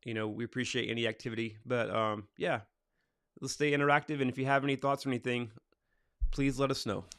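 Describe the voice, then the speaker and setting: A man's voice: medium pitch, little pitch movement, fast talker, a bit bright, clear, resonant tone, dry recording, clean studio sound. A middle-aged man hosting a casual morning devotional livestream, reading Bible passages aloud and then chatting loosely about them and about viewers' comments. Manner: reads scripture aloud, then chats loosely and answers comments from the live chat. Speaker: livestream host reading scripture.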